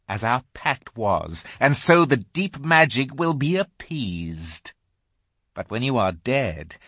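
A man reading a storybook aloud, voicing a cruel female witch who taunts her victim slowly and shrilly. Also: no echo, studio quality, heavily acted. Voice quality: shrill, high, forceful. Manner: slow taunting stresses, rising to shrieks.

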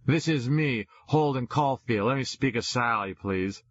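A man voicing a drunk teenage boy who yells and pleads into a phone, on a dull lo-fi recording. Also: mid-range voice, measured pace, breathy edge, dry recording, voice pushed up. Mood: drunk, pleading. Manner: slurring, loud and pleading.

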